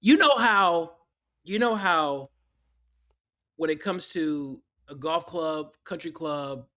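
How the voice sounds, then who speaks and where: Guy co-hosting a sports podcast, fairly high voice, gets hyped then trails off. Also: slow pace, pushed and bright. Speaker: podcast co-host. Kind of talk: casual chat.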